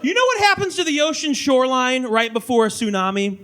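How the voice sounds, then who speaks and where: A man performing a stand-up comedy set on a club stage, telling crude stories in a loud, animated way. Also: very high voice, a little fast, a crowd in the background. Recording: live club audience laughter.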